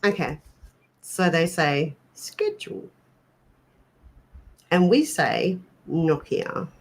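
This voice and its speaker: A woman's voice: low voice, very animated, very slow. An Australian woman co-hosting a livestream, chatting and bantering playfully with viewers. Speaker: co-host of a paranormal livestream. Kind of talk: casual livestream chat.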